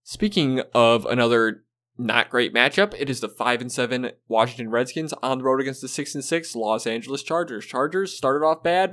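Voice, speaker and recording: A man's voice: mid-range voice, normal speed, fairly bright tone. Blunt, swearing football-picks guy. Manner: blunt, profane, exasperated. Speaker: sports video host. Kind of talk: casual sports predictions.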